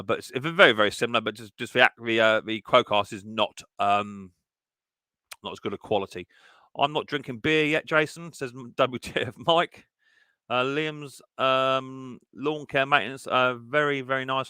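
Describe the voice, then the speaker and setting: A man's voice: mid-range voice, sharp tone, clear, resonant tone, no echo, clean studio sound. A man hosting a casual live stream chat, greeting viewers one by one and reading their messages aloud.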